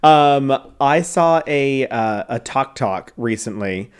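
A man chatting casually as a podcast co-host, slightly under the weather. He laughs easily and plays with words, repeating them for fun. His pitch moves around a lot at a medium height. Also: slow, clear, resonant tone. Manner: animated, laughs often, playful repetition. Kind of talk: casual chat.

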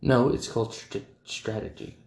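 A man's voice: mid-range voice, steady tone, normal speed, a little mellow. A man in casual banter about tabletop games, enthusiastic and blunt, swearing casually. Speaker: tabletop gaming podcast co-host. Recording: echoey room.

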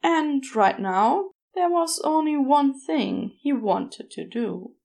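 Slow-paced woman reading a podfic. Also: sits high, lively intonation, vocal fry, darkish tone. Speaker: podfic reader. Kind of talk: story narration.

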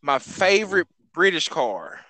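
A man's voice: fairly high pitch, sing-song, unhurried, sharp tone, poor audio. A man co-hosting a podcast, chatting casually about cars, swearing a lot and hesitating while he thinks. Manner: profane, hesitant, thinks aloud with many ums. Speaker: podcast co-host. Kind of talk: casual car banter.

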